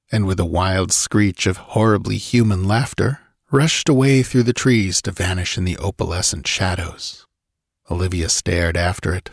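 A man narrating a story aloud in a measured storytelling manner, recorded close to the mic. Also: lowish voice, vocal fry, no room sound. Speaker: audiobook narrator. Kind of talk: scripted narration.

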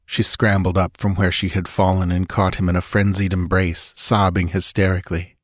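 A man narrating an audiobook in a measured, even storytelling manner on a close mic. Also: low-pitched, no room sound. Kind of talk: scripted narration.

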